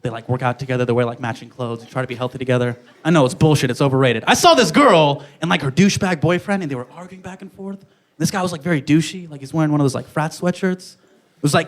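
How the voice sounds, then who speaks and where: A man's voice: high-pitched, a little fast. A young man performing a stand-up comedy set, telling self-mocking stories and acting out the dialogue. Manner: animated, self-mocking storytelling with acted-out dialogue.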